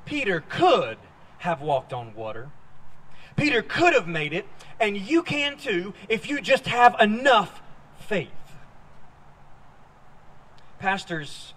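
A man preaching a sermon as a pastor, telling a Bible story with lively, acted-out quoted lines. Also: high voice, measured pace. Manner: animated storytelling, acting out quoted voices. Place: church sanctuary.

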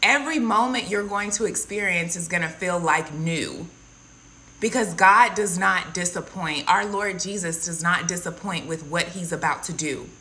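A woman's voice: fairly low pitch, normal speed, sharp tone. A woman giving an earnest, casual devotional testimony and addressing her listeners as guys. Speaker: Christian content creator.

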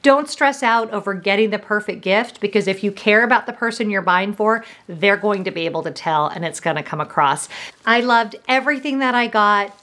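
A middle-aged woman vlogger unboxes gifts on camera, gushing and emotional as she talks to her viewers. She speaks briskly in a mid-range, fairly bright voice.

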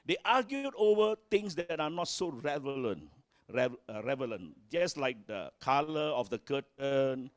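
Slow, emphatic preacher. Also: male voice, no echo, clean studio sound. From Malaysia. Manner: emphatic preaching, swinging pitch and volume, acts out quotes. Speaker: pastor. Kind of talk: sermon. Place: church.

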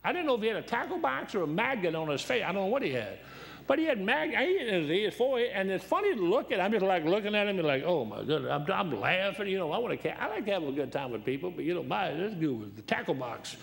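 An older man preaches with a heavy gravelly rasp in his voice and a slightly high pitch. He tells folksy, rambling stories and laughs at his own jokes. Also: big pitch swings, fast talker, a bit bright. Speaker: guest preacher. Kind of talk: sermon with storytelling.

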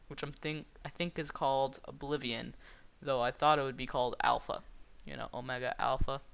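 Rambling young man, bright crisp voice. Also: medium pitch. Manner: rambling, hesitant, many fillers. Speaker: gaming YouTuber. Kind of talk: casual gameplay commentary.

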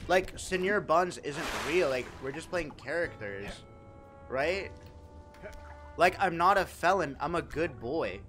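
A young man live-streaming in casual chat, animated and profane as he jokes back at his viewers. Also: a little high, unhurried, music in the background. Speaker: livestreamer.

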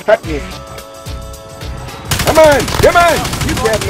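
A man's voice: extremely high pitch, very animated, takes it slowly, long pauses. An older man giving boastful, profane trash-talk commentary over his own online shooter match, cackling as he goes. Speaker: gamer. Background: music and gunfire.

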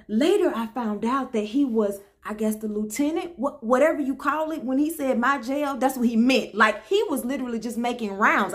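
A woman, telling a personal story in a lively, expressive way and dropping to a hush when quoting others. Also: high-pitched. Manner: expressive, drops to a hush for quotes, peppered with "y'all" and "honey". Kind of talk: animated storytelling.

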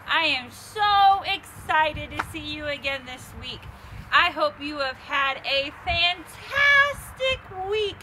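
A woman's voice: high-pitched, noisy background. A woman leading a children's church lesson, bubbly and upbeat, calling out to kids to join in. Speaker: children's ministry leader. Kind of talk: kids' church lesson and action song.

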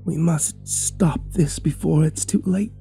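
A secretive spellcaster woman, as a man puts her on, talking in a hushed, slow, deliberate voice pitched above his own. She sounds urgent and quiet. Soft music plays under this horror reading. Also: gravelly. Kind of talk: horror story narration.

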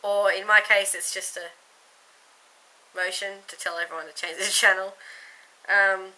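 A woman's voice: mid-range voice, level tone, measured pace, sharp tone, poor audio. A young woman from Queensland with an Australian accent, chatting casually through an accent tag vlog, giggly and losing her place now and then. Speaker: vlogger.

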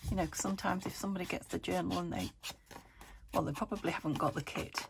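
A British woman mutters to herself and talks to her materials while making a junk journal, giving casual crafting commentary. Her voice sits fairly low with vocal fry, she talks fast, and there's heavy background noise.

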